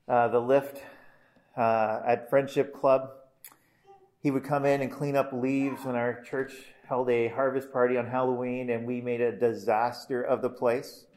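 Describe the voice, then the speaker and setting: A man who is a pastor, delivering a funeral eulogy in an earnest, measured way, often restarting phrases and letting line ends fall soft. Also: mid-range voice, slight background noise.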